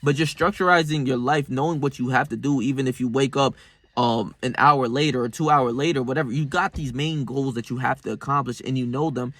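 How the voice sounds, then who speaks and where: A young man, talking casually and rambling about his daily routine, swearing freely, with sudden bursts of loud excitement. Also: mid-range voice, brisk, dry recording. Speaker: self-improvement vlogger. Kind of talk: casual motivational monologue.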